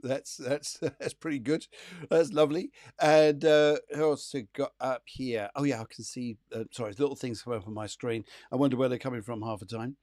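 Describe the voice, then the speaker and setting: A man's voice: mid-range voice, fairly even intonation, normal speed, a little mellow, no room sound, clean studio sound. A man hosting a live psychic show from home, chatting in an upbeat, rambling way full of fillers. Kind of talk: casual live-stream chat.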